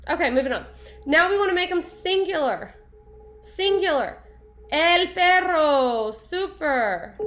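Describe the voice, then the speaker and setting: A high-voiced woman leads a Spanish lesson at an unhurried pace. She is upbeat and playful, praising students and tossing in little jokes between the drills. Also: fairly bright tone. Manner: upbeat, playful, sings snatches and praises answers. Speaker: Spanish teacher. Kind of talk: classroom lesson.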